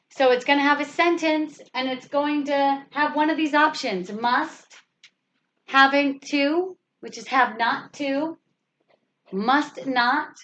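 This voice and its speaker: Patient woman English teacher, high voice, unhurried, repeats examples, asks the class questions. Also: fairly bright tone, a little hiss or hum. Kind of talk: slow grammar lesson explanation. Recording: slightly dull lo-fi recording.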